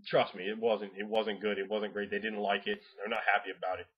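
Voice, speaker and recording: A man giving casual game master advice in a rambling, profane way, laughing often and acting out players in quick voices. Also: on the low side, level tone, breathy edge. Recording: dull lo-fi home recording.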